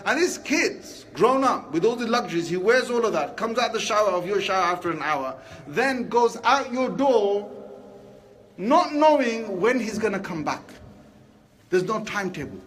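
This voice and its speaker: High-voiced preacher. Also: male voice, moderate pace. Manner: lively and conversational, asking the crowd rhetorical questions. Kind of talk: Friday sermon.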